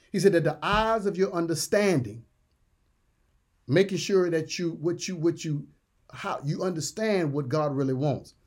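Emphatic preacher man, fairly high voice. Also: a little mellow. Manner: emphatic, repeats words, slows to stress scripture. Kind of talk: sermon.

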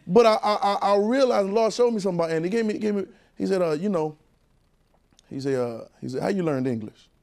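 A Southern-accented male pastor preaches in a loose, conversational way, teasing his congregation and drawing responses from them. His voice sits a little higher than most men's. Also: fast talker, creaky, a little mellow. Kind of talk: preaching a sermon. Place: church sanctuary with congregation.

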